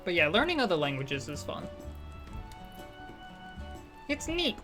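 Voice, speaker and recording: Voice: medium pitch, wildly swooping pitch, a little slow, over music. A streamer chatting casually and rambling while playing a game, self-deprecating and often restarting sentences. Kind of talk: casual live-stream chat while gaming.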